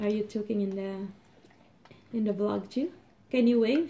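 A woman's voice: medium pitch, moderate pace, creaky, mellow, slight background noise. A woman filming a casual home vlog, talking sweetly to her children over breakfast. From Philippines. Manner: doting, sing-song talk to her kids.

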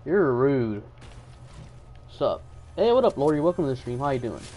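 A man's voice: mid-range voice, very animated, normal speed, dark tone. A young man from Texas live-streaming a game, chatting casually and joking while reading viewer messages aloud. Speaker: gaming streamer.

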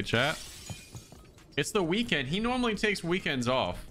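A man's voice: fairly high pitch, expressive, slow, music in the background. A man streaming a shooter game, chatting loosely with his viewers in casual commentary. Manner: chatty, loose, talks to chat as "dude" and "brother". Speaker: livestreamer playing a shooter. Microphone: streaming mic through an audio mixer.

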